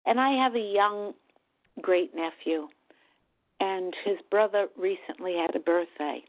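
A middle-aged woman sharing her personal recovery story at a meeting, talking in a halting, earnest way. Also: mid-range voice. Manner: slow, halting, earnest, with pauses and restarts. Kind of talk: personal testimony at a support meeting. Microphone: phone call. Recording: tinny phone line.

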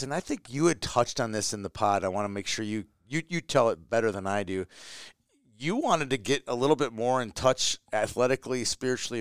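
A man hosting a relaxed interview, asking casual leading questions. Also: lowish voice, clean tone, no echo, clean studio sound. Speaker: host. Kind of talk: conversational interview.

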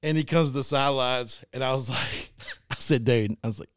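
A brisk, smooth, mid-range male voice, recorded clean in the studio with no echo. He's from Arkansas, coaches youth football, and co-hosts a casual sports talk show where he tells stories with plenty of laughter, false starts, and restarted sentences.

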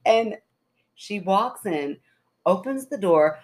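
A woman's voice: mid-range voice, expressive, takes it slowly, a little mellow. A woman co-hosting a podcast, telling a story in a chatty way and laughing often. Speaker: podcast co-host. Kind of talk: casual chat.

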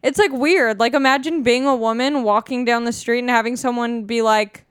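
A woman in her twenties hosts a podcast, rambling in a casual, self-mocking, jokey way. Her voice is fairly high with fairly even intonation, normal speed and a clear, resonant tone, recorded dry at studio quality.

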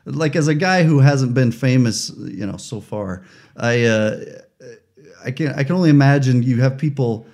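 A man hosting a casual interview in a mid-pitched voice. He asks long, meandering questions and fills the gaps with uhs and ums. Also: moderate pace, a little mellow. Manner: chatty, rambling questions with fillers.

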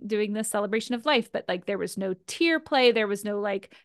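A chatty podcast co-host with a gravelly, vocal-fry edge to her voice. She recaps a reality show in relaxed, lively talk and laughs often. The recording is dry and close, with almost no room sound. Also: mid-range voice, moderate pace, hardly any pauses, no room sound.

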